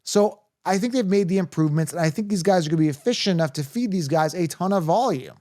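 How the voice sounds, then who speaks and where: Man hosting a sports podcast, energetic, higher voice, dry close sound. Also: fast talker, no echo. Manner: energetic, hype-driven, laughs often. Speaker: podcast host. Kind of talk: casual sports podcast chat.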